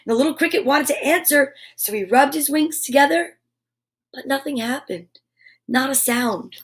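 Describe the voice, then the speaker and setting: A woman hosting a children's story time, reading picture books aloud in an animated way with playful asides to her young listeners. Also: high-pitched, moderate pace.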